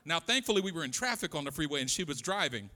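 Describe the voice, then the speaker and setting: A man's voice: on the high side, sing-song, fast talker, pushed and bright. A middle-aged man from Oakland, California, preaching a sermon with a repetitive, impassioned cadence and personal stories. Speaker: pastor.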